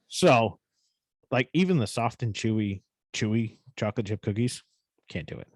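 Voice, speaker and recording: A man's voice: fairly low pitch, lively intonation, normal speed, no room sound. A man co-hosting a podcast, telling a story in casual, profane chat with a New England accent. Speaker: podcast co-host.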